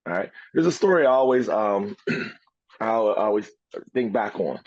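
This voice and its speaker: A man co-hosting a podcast, telling a profane, animated story with a moral in a casual way. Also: lowish voice, moderate pace, no room sound, dull audio. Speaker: podcast co-host.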